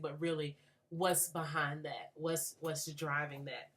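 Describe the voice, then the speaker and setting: Low-pitched young woman, grad student, reflective and halting, many fillers. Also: steady tone, a bit bright. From Atlanta. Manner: thoughtful, many fillers and restarts. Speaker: graduate student. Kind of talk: reflective book response.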